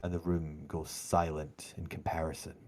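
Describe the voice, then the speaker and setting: A man narrating as game master of a tabletop game, slow and dramatic. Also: rumbling low, level tone, a little mellow.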